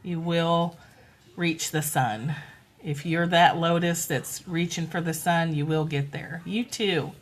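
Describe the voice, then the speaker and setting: A woman's voice: fairly low pitch, fairly even intonation, takes it slowly. Chatty woman on a phone livestream. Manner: chatty, soft, coos to toddlers. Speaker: livestream host. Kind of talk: casual livestream chat. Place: home with toddlers.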